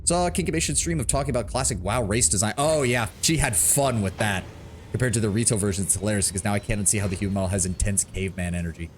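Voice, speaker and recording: A man's voice: fairly low pitch, quick pace, a little hiss or hum. A man streaming a video game, chatting casually with some swearing and enthusing about mechs. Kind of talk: casual gaming livestream commentary.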